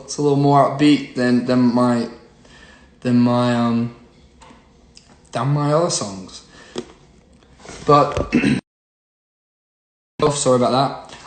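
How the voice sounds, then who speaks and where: A young singer-songwriter chatting casually on a phone livestream, rambling with lots of fillers. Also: male voice, mid-range voice. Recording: roomy echo, faint noise.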